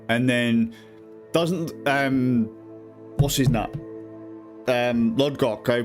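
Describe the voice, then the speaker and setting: A man's voice: medium pitch, slow pace, long pauses. A man with a British accent, swearing and joking through casual gameplay commentary. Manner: crude, joking, swears a lot. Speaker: gaming streamer. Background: faint game music.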